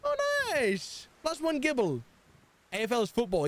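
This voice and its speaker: A man's voice: extremely high pitch, big pitch swings, a little slow. A young man streaming a video game, chatting casually and joking, humming and singing along to the music. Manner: rambling, jokey, hums and sings along to music. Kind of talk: casual gaming livestream chat.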